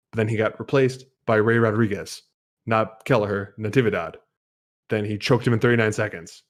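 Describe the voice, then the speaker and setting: A man hosting a live sports betting podcast, upbeat and rambling, poking fun at himself. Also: lowish voice. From Dutch heritage. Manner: upbeat, self-mocking, rambling. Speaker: podcast host.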